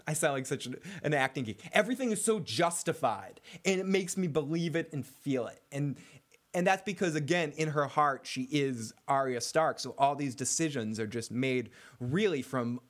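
A man co-hosting a casual recap podcast, talking excitedly, swearing and often restarting his sentences. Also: on the high side, moderate pace. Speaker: podcast co-host.

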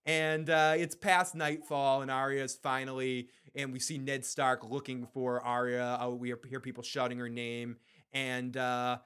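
A man casually recapping a TV episode, with animated, profane storytelling. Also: medium pitch, measured pace, clear, resonant tone. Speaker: podcast co-host.

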